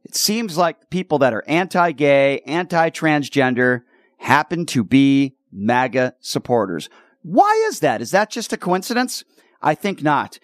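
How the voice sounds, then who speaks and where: A man's voice: fairly high pitch, very animated, unhurried, no echo, clean studio sound. A man hosting a talk radio show who delivers an opinionated, indignant commentary and stumbles over repeated words as he gets worked up.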